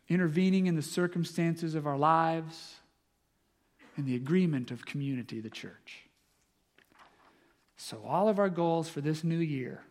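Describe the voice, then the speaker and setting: A man's voice: a little high, darkish tone, long reverb tail. A man preaching as pastor in a church, earnest and encouraging. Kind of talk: sermon.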